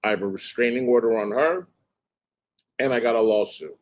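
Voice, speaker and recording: A man hosting a livestream, telling a story in a casual, animated and profane way and mimicking other people's voices. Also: mid-range voice, normal speed. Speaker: livestream host.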